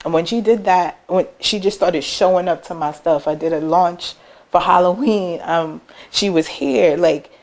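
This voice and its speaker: A woman speaking in a somewhat low register, telling stories about her business and family in a conversational interview. She talks loosely, with many fillers, and slips into quoted voices to act out what others said. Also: unhurried. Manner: animated, acts out family members' words in quoted voices; loose conversational phrasing with frequent "like" and "um". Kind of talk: personal storytelling in an interview.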